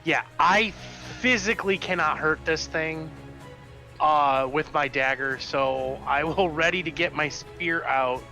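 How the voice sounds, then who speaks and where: Slow, bright-voiced man playing a tabletop game. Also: fairly high pitch, faint music behind. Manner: slow, working through rules aloud. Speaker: player.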